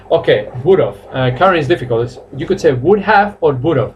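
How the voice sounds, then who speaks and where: A man with a Spanish accent teaching a live online English class, praising students and repeating their sentences slowly. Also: medium pitch, animated, highs cut off, slight background noise. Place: home or academy room, online stream.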